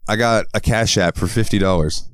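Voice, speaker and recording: A man's voice: lowish voice, a little fast, smooth, no echo. A man co-hosting a podcast in casual chat, telling stories, acting out quotes and swearing often. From American South. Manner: storytelling, acts out quotes in a raised voice, swears often. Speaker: podcast co-host.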